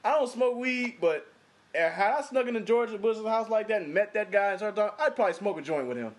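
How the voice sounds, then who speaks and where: A man chatting casually about movies, swearing a lot, laughing often and acting out scenes in quick put-on voices. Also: high voice, animated. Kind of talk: casual profane movie chat.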